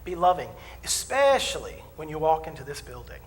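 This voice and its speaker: Speaking fairly quickly in a fairly high, very animated voice, this minister preaches a homespun, comic sermon in the church sanctuary. He shares personal stories and performs character voices, heard through a distant mic in a reverberant hall.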